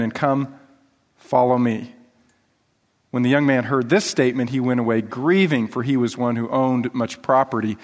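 A male pastor giving an animated sermon, reading scripture aloud and asking the congregation rhetorical questions. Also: medium pitch. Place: church hall. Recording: long reverb of a church hall.

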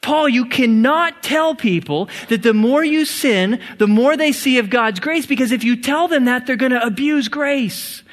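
A man's voice: extremely high pitch, unhurried, hardly any pauses, fairly bright tone, voice pushed up. A preacher acting out an alarmed, protesting man. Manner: agitated, pleading, raised voice. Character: anxious man protesting, fearing grace will be abused.

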